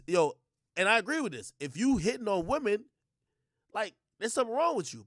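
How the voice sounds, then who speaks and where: A young man ranting on a stream, profane and animated, stumbling over fillers as he argues. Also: sits high, dry recording, clean studio sound. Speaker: streamer and commentator.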